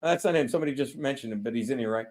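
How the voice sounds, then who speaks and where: A man's voice: mid-range voice, rapid-fire, darkish tone. A man hosting a casual livestream, telling rambling, profane stories and laughing at himself. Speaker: podcast host.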